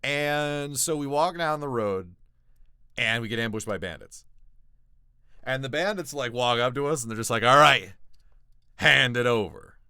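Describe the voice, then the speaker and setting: A man streaming live, chatting casually with his chat, jumping from loud excited bursts to low mumbles. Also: moderate pace, long pauses, clear, resonant tone, no room sound, studio quality.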